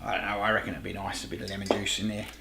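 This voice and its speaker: A man's voice: on the low side, completely flat delivery, very fast, gravelly, echoey room, background noise. A middle-aged Australian man hosting a home cooking show, chatting casually to camera, rambling, laughing at himself and swearing lightly.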